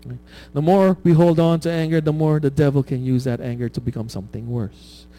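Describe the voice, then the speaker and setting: High-voiced mellow male preacher. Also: fairly even intonation, a little fast. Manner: conversational, asks the congregation "right?" often, laughs at his own stories. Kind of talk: sermon.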